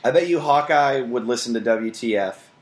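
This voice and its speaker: A man's voice: medium pitch, moderate pace. A man co-hosting a podcast in casual chat, thoughtful and repeating himself as he builds a point. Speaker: podcast co-host.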